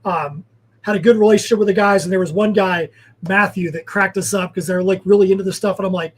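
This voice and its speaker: A man's voice: high voice, steady tone, quick pace, low-quality recording. A man, a guest comic creator, telling rambling anecdotes in casual chat. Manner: rambling storyteller, filler-heavy.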